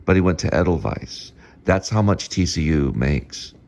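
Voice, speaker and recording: A man's voice: deep voice, animated, moderate pace, darkish tone. A man hosting a casual home video, lecturing and drilling the same words over and over. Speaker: show host.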